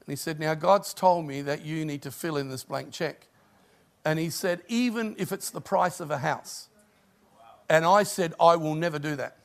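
A man's voice: a little high, moderate pace, creaky. A middle-aged man, a pastor, preaching a sermon and telling stories with rising emphasis.

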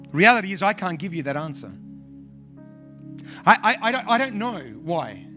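A man's voice: high-pitched, sing-song, normal speed, bright, forceful tone, soft background music. A male pastor preaching a sermon with impassioned, repetitive emphasis.

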